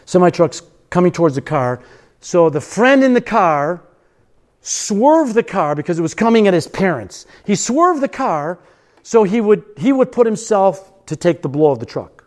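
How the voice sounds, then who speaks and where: A man preaching a sermon with passion, stretching key phrases slowly and breaking into a sung refrain. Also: high voice, sing-song, a little mellow. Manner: impassioned, sings a hymn refrain; drawn-out emphatic phrases.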